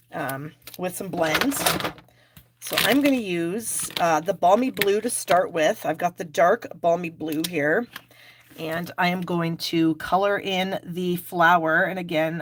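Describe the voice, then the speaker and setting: A middle-aged woman with a slightly low voice hosts a live crafting stream. She talks casually and laughs at herself while she demonstrates each step. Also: slight background noise. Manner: chatty, self-deprecating, talks while working. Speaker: card-making class host. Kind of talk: live craft demo with viewer chat.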